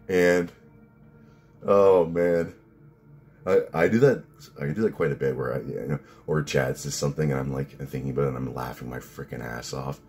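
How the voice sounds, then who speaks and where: Very deep-voiced rambling man. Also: breathy edge. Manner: rambling, profane, laughs at his own stories. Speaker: fitness vlogger and coach. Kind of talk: casual rambling monologue.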